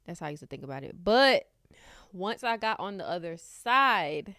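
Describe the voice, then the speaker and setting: A woman's voice: on the low side, very animated, moderate pace, sharp tone, dry recording, clean studio sound. A young woman co-hosting a casual podcast, talking candidly and with emphasis. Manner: candid, emphatic, speaks her mind. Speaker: podcast co-host.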